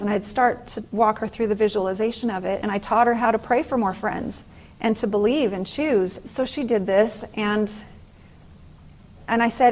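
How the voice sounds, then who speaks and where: A middle-aged woman giving a faith-based motivational class at a conference, telling stories with lively acted-out exclamations. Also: mid-range voice, poor audio. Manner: animated storytelling, acting out exclamations. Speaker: conference speaker and author.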